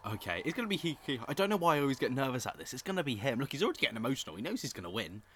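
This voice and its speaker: A young man giving opinionated live reaction commentary on an awards show, excitable and prone to loud outbursts. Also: medium pitch, rapid-fire, slight background noise.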